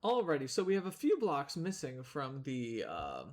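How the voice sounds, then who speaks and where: A young man chats his way through a gaming stream in a relaxed, rambling way. He talks at a middling pitch and sometimes speaks between bites of food. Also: normal speed. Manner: chatty, rambling, talks while eating. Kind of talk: casual gameplay commentary.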